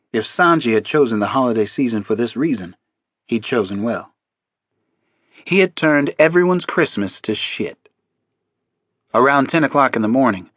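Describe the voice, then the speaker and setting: A man narrating a crime thriller audiobook in a steady, measured delivery. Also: medium pitch, dry recording, dull audio.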